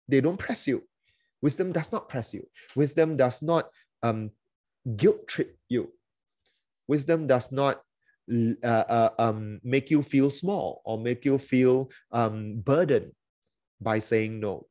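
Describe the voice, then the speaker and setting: Pastor guy preaching, chatty, lots of ums and restarts, middle pitch, dry close sound. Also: lively intonation, slow, long pauses, darkish tone, no echo. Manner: conversational, many fillers and restarts, acts out quoted voices. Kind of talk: sermon.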